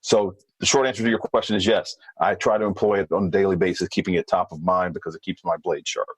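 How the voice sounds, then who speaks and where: A man being interviewed as a former hostage negotiator, explaining in a measured way with thinking fillers. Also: deep voice, fairly even intonation, breathy edge, dry recording, poor audio. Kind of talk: podcast interview.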